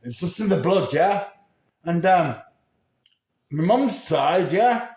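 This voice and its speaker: Older English man in his sixties, slow rambling vlogger, fairly high voice, echoey room. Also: lively intonation, darkish tone. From England. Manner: rambling, sweary, keeps checking in with "yeah?". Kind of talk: rambling monologue to camera.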